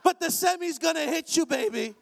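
A man preaching an energetic sermon in a large church, animated and joking with bursts of shouting. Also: extremely high pitch, a little fast, vocal fry. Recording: long hall reverb.

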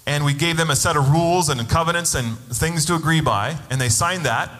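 A man's voice: a little high, fairly quick, a bit bright, in a large hall. A man preaching a sermon as a pastor, telling a personal story and acting out the voices of the people in it. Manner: storytelling, acts out quoted voices.

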